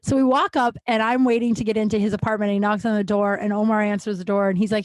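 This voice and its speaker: A woman's voice: mid-range voice, fairly even intonation, fast, darkish tone, dry recording. Candid, swearing woman from Colorado. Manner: candid, profane, self-mocking. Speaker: podcast host. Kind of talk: casual storytelling monologue.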